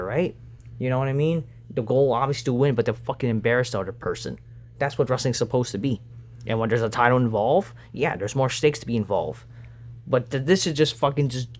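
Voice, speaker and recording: A man's voice: medium pitch, a little mellow. A man reviewing a wrestling show in an angry, profane rant, sighing with exasperation between points. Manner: profane, exasperated, frequent sighs.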